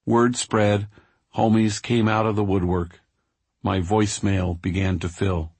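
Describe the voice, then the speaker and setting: Male author narrating his memoir, unhurried preacherly cadence, low husky voice. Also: level tone, a little mellow, no room sound.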